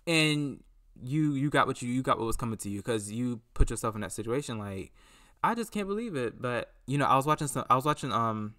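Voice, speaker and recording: Man, bright tense voice, casual solo podcast talk, rambling, animated, acts out quotes. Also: medium pitch, a little fast.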